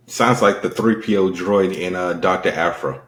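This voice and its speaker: A man co-hosting a podcast in casual chat, with expressive, joking banter. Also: sits low, normal speed, reverberant. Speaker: podcast co-host.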